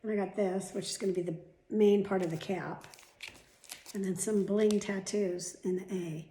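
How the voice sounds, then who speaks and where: A middle-aged woman talks to her camera at home in a loose, rambling way, drifting from one aside to the next and swearing now and then. Her voice sits at an ordinary, middling pitch. The room around her sounds echoey. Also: steady tone, moderate pace, warm tone, slight background noise. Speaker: vlogger. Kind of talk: casual chat to camera.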